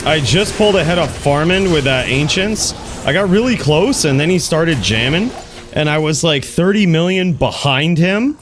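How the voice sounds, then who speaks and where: A man's voice: on the high side, expressive, normal speed, background noise. A man streaming a video game, chatting casually with viewers, laid-back and swearing freely. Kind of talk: casual gaming commentary.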